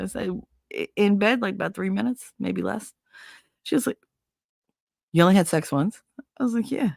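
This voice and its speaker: Her voice is on the low side, sing-song and creaky, and she talks briskly. She's a middle-aged woman hosting a casual livestream, telling viewers a story with laughter, swearing and acted-out quotes. The studio-quality sound has no room echo.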